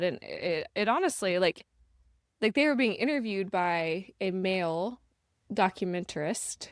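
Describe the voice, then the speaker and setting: A woman co-hosting a podcast with an everyday mid-range voice, chatty and quick to agree with her partner. The recording is close and dry, with no room sound. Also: mid-range voice, no echo. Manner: chatty, agreeable, laughs often, backs up her co-host. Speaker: podcast co-host. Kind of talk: casual podcast chat.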